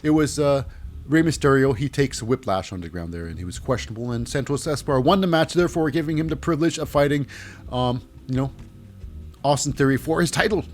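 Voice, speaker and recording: A man's voice: medium pitch, quick pace, soft background music. A man casually recapping a wrestling show, rambling with many fillers and self-corrections. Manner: rambling, filler-heavy, animated.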